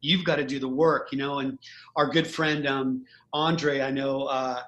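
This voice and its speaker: A man's voice: medium pitch, little pitch movement, a little slow, fairly bright tone. A man hosting a casual podcast chat, an earnest and heartfelt musician who speaks in a grateful tone. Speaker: host and band musician.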